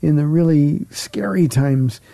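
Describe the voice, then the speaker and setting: A man, a pastor, talking faith in a casual chat, measured and emphatic, with some restarts. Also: fairly high pitch, creaky, dark tone.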